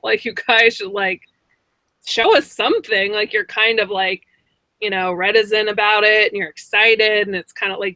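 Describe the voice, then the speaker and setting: A woman's voice: medium pitch, fairly even intonation, normal speed, pushed and bright, no room sound. A woman co-hosting a casual online hangout over a video call, chatty and full of filler words. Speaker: co-host.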